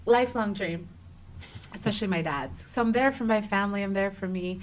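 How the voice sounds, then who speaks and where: Animated woman in her thirties telling a story. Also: medium pitch, a little fast, a little hiss or hum, rough recording. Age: 30s. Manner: animated, acts out quoted dialogue with many "like"s. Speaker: guest, travel writer. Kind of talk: casual interview storytelling.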